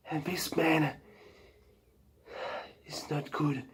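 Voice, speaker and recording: A French-accented man, French by birth, talks at a remarkably unhurried crawl in a slightly raised voice. He hosts a playful parody talk-show intro for his wrestling review channel, drawing out each phrase in a mock-sweet way before breaking into comic outbursts. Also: on the high side, little pitch movement, slightly rough. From France.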